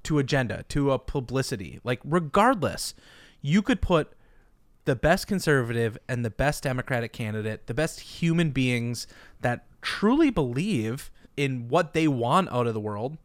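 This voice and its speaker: A man co-hosting a casual chat, telling stories in an animated way and laughing often. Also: mid-range voice, moderate pace, dry recording. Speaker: podcast co-host. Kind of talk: casual comedic storytelling.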